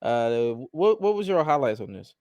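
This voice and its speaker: A man's voice: mid-range voice, very animated, darkish tone, clear, resonant tone, no room sound. Joking man hosting a casual podcast. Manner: loose and joking, quick asides. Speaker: podcast host. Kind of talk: casual chat.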